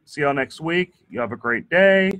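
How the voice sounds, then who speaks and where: A man's voice: a little high, lively intonation, normal speed, a bit bright. A man hosting a casual radio talk show from a studio, chatty and joking, often restarting his sentences. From Texas. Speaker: radio show host and insurance attorney.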